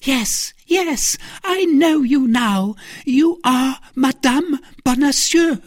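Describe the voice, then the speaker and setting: A reader voicing a cunning, deceitful noblewoman in a storybook reading, with a raised, expressive character voice. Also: mid-range voice, unhurried, no echo, clean studio sound, voice pushed up. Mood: fierce.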